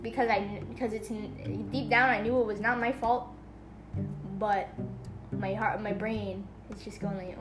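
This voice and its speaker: A woman's voice: mid-range voice, steady tone, normal speed, over music. A woman in a casual family devotional talk, rambling and acting out the voices she quotes. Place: home.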